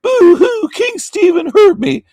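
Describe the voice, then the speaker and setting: A man putting on a whiny, sobbing grown crybaby in a blubbering falsetto. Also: sing-song, measured pace, gravelly, dark tone, no room sound, full character voice. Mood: sobbing whine.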